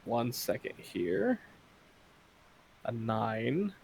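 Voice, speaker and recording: A man narrating a tabletop game as game master, in a relaxed, laid-back way. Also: mid-range voice, extremely slow, gravelly, a little hiss or hum.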